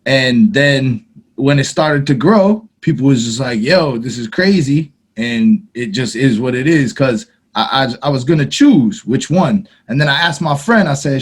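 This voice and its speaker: A man hosting a casual interview, friendly and eager, tossing out quick questions with lots of "yo". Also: mid-range voice, lively intonation, husky. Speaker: interview host, channel owner.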